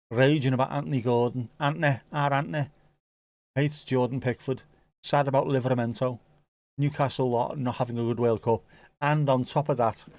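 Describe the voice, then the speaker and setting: A man's voice: mid-range voice, darkish tone, dry recording. Joking man hosting a match watchalong. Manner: jokey banter, reading out viewer comments. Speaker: watchalong host. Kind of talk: casual live match commentary.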